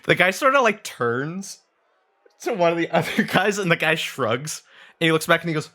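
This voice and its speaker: A man's voice: a little high, expressive, moderate pace, bright, forceful tone. A man running a tabletop game as dungeon master, narrating loosely with fillers and laughs.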